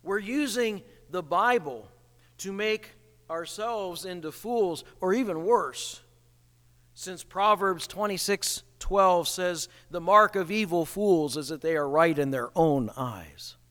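Male pastor, animated sermon, high pitch, reverberant hall. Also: slow. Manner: animated, acts out quoted voices, chuckles at the irony.

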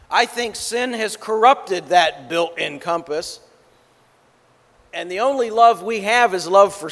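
Slow, high-voiced male preacher in a reverberant hall. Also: a bit bright. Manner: measured, emphatic delivery. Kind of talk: sermon.

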